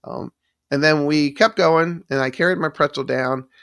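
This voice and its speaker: A gravelly-voiced man hosting a casual live stream, rambling through his story, often restarting his sentences and thanking chat viewers by name. His voice is recorded close and dry, with little room sound. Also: a little high, moderate pace, a bit bright, dry recording. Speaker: livestream host.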